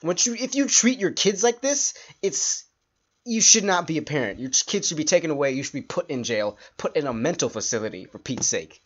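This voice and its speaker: Man, podcast host, frustrated rant, sighing, halting restarts, muffled lo-fi sound. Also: fairly high pitch, sing-song, fairly bright tone.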